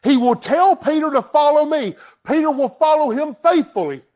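A man preaching a Sunday sermon to his congregation, his voice sitting unusually high and leaping around with lively inflection. He hammers points home loudly, then drops to a near hush for emphasis. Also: normal speed. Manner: emphatic preaching that swings from loud to hushed. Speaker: pastor. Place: church sanctuary.

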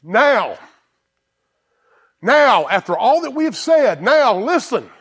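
High-voiced excited male pastor. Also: slow, breathy edge. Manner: excited, emphatic preaching with repetitions and restarts. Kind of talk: sermon.

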